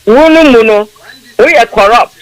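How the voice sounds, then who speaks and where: A man's voice: very high-pitched, unhurried, dry recording, poor audio. A man from Ghana, calling in to a radio talk show and speaking in an impassioned, preachy way. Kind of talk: radio phone-in political talk.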